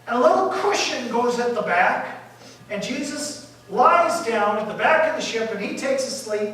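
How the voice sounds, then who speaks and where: A male pastor telling a story in a sermon, lively and animated, acting out the disciples' panic and dropping to quiet asides. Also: very high-pitched, moderate pace. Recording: echoey room from far off.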